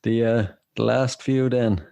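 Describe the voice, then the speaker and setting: A man's voice: mid-range voice, fairly even intonation, unhurried, gravelly, mellow, no room sound. A man hosting a podcast, laid-back, laughing along and giving short replies while asking questions. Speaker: podcast host. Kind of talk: casual interview chat.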